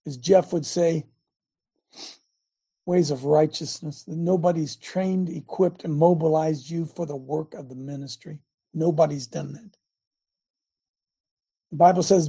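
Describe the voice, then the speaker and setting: A man's voice: on the high side, fairly even intonation, normal speed, gravelly, pauses often, warm tone, slightly rough. A man in his sixties preaching a sermon in a folksy, impassioned way and repeating lines for emphasis. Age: 60s. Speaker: preacher and show host.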